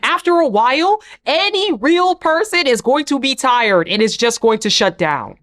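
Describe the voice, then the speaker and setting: A woman's voice: high voice, lively intonation, normal speed, a bit bright. A woman hosting a reality TV recap, talking casually with blunt, sarcastic opinions.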